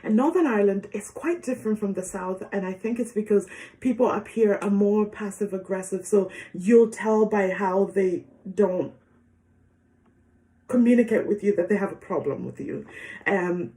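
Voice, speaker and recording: A young woman telling a personal story in a casual, chatty way, with many fillers and soft laughs. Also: mid-range voice, moderate pace.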